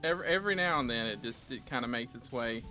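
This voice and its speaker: Over faint background music, this Southern US streamer talks fast in a medium-pitched, pushed, bright voice with lively intonation. He's hosting a casual gaming stream, reading chat, chatting, and spinning rambling stories.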